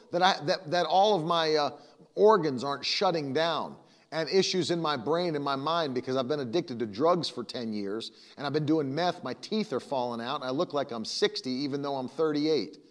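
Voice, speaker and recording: Male pastor with a fairly high voice, emphatic conversational sermon, long reverb. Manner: emphatic, repetitive, conversational preaching.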